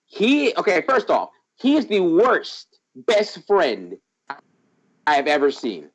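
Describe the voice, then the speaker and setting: A man's voice: high-pitched, wildly swooping pitch, slow, rough recording. A man in casual chat, ranting emphatically with mock seriousness.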